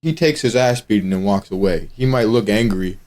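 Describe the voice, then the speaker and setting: A man's voice: fairly low pitch, animated, fairly quick, a little mellow. A young man talking as a podcast guest in casual chat, blunt and profane, and laughing often.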